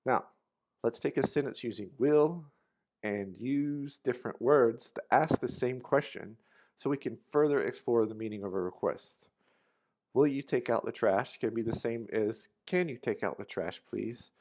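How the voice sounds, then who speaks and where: Relaxed man teaching English grammar. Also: medium pitch, unhurried. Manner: relaxed, casual explanations with fillers. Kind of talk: recorded grammar lesson.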